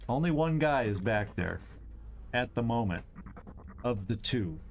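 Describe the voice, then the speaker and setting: A man hosting a game stream, thinking aloud through his moves, tallying enemies and cheering loudly at big shots. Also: mid-range voice, animated, a little slow, a little hiss or hum. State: has the hiccups. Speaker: host. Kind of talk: gameplay commentary.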